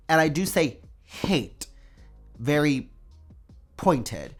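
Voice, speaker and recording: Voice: mid-range voice, lively intonation, moderate pace, faint music behind. A doll collector vlogger giving an emphatic, dramatic opinion rant to camera, repeating words for effect and using "like" often. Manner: emphatic, dramatic repetition, frequent "like".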